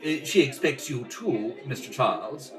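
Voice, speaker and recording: A man's voice: mid-range voice, very animated, normal speed, distant mic, soft background music, natural voice. A man voicing a polite household servant delivering messages in a rehearsal of a radio play. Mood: deferential. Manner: apologetic, deferential. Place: home kitchen table.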